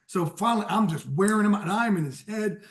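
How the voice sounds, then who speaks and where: A man with a high, bright voice tells a story on a sports podcast. He is animated and keeps breaking into laughter. He talks casually, as a guest would. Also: brisk. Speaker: guest football insider. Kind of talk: casual anecdote telling.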